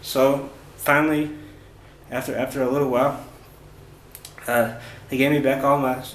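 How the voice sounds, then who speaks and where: A mid-range travel vlogger tells a casual travel story in the first person with a flat delivery. He halts often, using many fillers and restarts, and the recording has a roomy echo with faint ambient noise.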